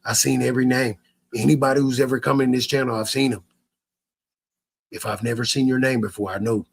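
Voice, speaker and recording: Male streamer, husky and rough-edged; rants at chat, cursing, repeating himself. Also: medium pitch, steady tone, fast talker. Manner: repetitive, stammering restarts, profane. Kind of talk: ranting live stream to chat.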